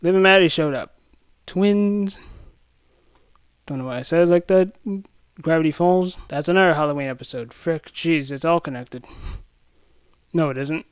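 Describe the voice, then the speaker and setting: A young man rambling through a pop-culture rant as a YouTube commentator, excitable and full of restarts and self-interruptions. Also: on the high side, brisk, clean tone, no echo.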